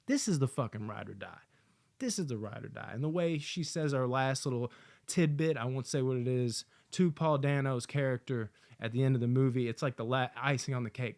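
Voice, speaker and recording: A man giving a casual, excited movie review, swearing often and acting out lines from the film. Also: medium pitch, brisk. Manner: excited, profane, acts out quotes.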